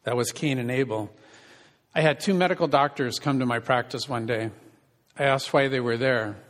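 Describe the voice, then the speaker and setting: A man's voice: mid-range voice, moderate pace, a bit bright. A man preaching a sermon as pastor and counselor, conversational and asking the congregation questions. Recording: reverberant hall.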